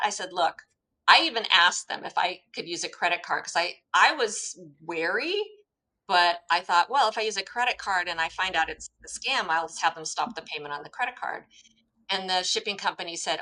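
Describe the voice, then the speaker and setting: A woman's voice: mid-range voice, moderate pace, rough recording. A woman from the United States telling a personal story in a casual talk, acting out the quoted dialogue. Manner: animated, acts out quoted dialogue, laughs at herself. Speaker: guest telling her story.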